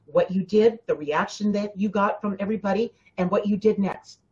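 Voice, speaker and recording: A woman coaches her listeners on spiritual matters in an emphatic, repetitive way, speaking straight to them. Her voice sits at a middle pitch. The audio sounds a little dull and lo-fi. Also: normal speed, darkish tone. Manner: emphatic, repeats herself, addresses listeners directly. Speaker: spiritual teacher and host. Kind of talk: casual spiritual coaching talk.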